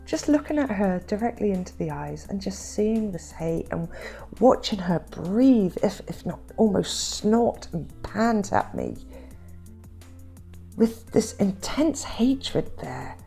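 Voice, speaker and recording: A woman vlogger recounting her family estrangement in an emotional, halting way, repeating words when upset and close to tears at times. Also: medium pitch, expressive, creaky, mellow, soft background music. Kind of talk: personal storytelling.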